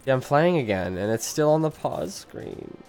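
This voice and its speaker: A man chats casually through a live game stream at an ordinary middle pitch. He complains with dramatic, whiny exasperation and keeps laughing at his own troubles. Soft game music plays quietly behind him. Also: sing-song, a little slow, smooth. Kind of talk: casual live gameplay commentary.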